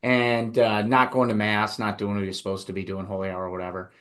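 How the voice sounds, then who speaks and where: A man's voice: lowish voice, flat delivery, fast, fairly bright tone. A male podcast host who asks questions and tells stories in a casual, rambling way. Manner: conversational, storytelling, many fillers.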